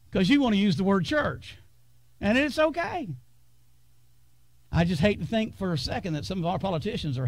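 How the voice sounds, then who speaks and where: A man preaching a sermon in a church, with a drawl, dramatic pauses and sudden drops to a hush. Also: high-pitched, vocal fry, no room sound. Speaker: pastor. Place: church sanctuary.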